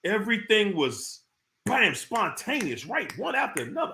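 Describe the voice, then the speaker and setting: A man's voice: sits high, big pitch swings, normal speed, creaky, bright, forceful tone. A man hosting a casual live stream, talking straight to his viewers in informal slang and repeating his points for emphasis. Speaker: live-stream host talking about narcissists.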